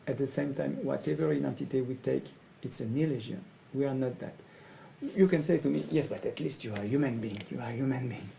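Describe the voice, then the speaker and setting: A middle-aged man from France with a French accent, a coach speaking in halting English and often repeating his phrases. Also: mid-range voice, creaky, dark tone, slight background noise, low-quality recording. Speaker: coach and facilitator. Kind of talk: speaking to camera about his training.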